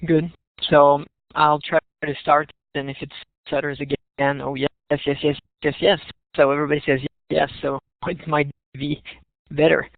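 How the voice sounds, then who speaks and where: A man's voice: on the high side, level tone, moderate pace, gravelly, no echo. A man with a French Canadian accent giving a webinar talk, hesitant and full of fillers, heard over an online call. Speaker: presenter. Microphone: online call microphone. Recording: tinny phone-like web call.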